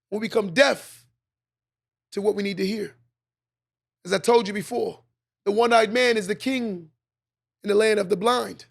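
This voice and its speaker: Man, very high pitch, gravelly, emphatic motivational monologue. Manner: preachy, emphatic, repeats lines for effect. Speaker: podcast host.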